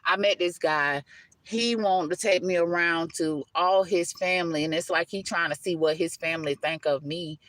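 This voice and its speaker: A woman's voice: lowish voice, normal speed, fairly bright tone, no echo. A woman giving a live tarot-style spiritual reading, emphatic and repetitive, calling the listener baby and honey, talking loosely with self-interruptions. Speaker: tarot reader.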